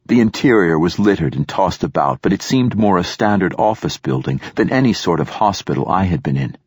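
A man narrating an audiobook in a steady, even storytelling manner. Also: deep voice, fairly quick, breathy edge, dry recording, clean studio sound. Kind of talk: scripted narration.

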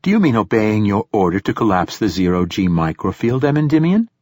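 A man reading an audiobook, voicing a calm, formally polite ship's computer. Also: lowish voice, fairly quick, no echo, clean studio sound. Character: polite ship's AI, literal-minded.

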